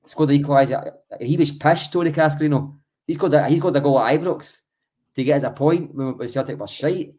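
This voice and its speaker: A man's voice: a little high, fairly quick, darkish tone. A Scottish man co-hosting a football podcast, talking in a blunt, emphatic and sweary way. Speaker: podcast co-host. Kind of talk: heated football chat.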